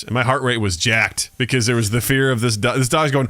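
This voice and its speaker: A man co-hosting a podcast, telling animated stories in casual chat and acting out voices. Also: mid-range voice, fast talker, hardly any pauses, no echo. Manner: animated storyteller, acts out voices. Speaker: podcast co-host.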